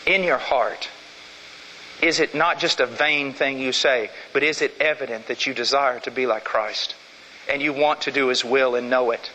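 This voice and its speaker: A middle-aged man preaching a sermon in a church, emphatic, swinging from loud declarations to hushed, intense passages. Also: mid-range voice, steady tone, moderate pace, slight background noise. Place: church sanctuary. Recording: long church reverb.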